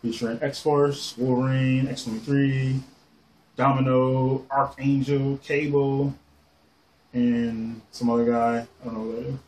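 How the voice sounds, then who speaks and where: A man casually showing off his comic collection on camera, rambling excitedly and swearing casually as he goes. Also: mid-range voice, measured pace. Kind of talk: casual show-and-tell.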